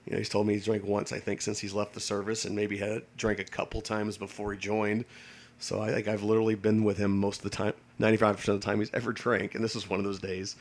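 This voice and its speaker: A somewhat low-voiced man, a navy veteran, tells a long casual story. He rambles, restarts sentences and leans on fillers. He swears freely along the way. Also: completely flat delivery, fast talker. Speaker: navy veteran telling stories.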